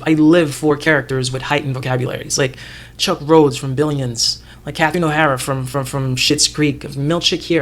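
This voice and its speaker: A man co-hosting a casual TV discussion podcast, animated and profane, laughing often and acting out characters' lines. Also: medium pitch. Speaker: podcast co-host.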